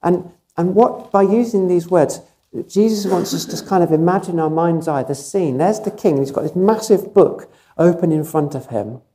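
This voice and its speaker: Male preacher, mellow and relaxed tone, emphatic storyteller. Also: high voice, moderate pace. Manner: emphatic, vivid storytelling with repeated phrases. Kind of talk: sermon.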